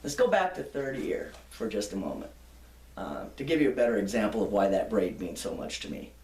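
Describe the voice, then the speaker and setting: A woman's voice: extremely low pitch, very animated, fairly quick, a little mellow, recorded from a distance. Older woman, chatty storyteller, echoey room. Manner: chatty, anecdotal, laughs easily. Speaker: interviewee. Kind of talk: reminiscing storytelling.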